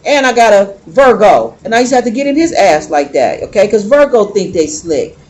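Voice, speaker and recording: A woman's voice: mid-range voice, very animated, fairly quick, a little mellow. Woman, tarot reader, casual monologue, blunt, emphatic, profane.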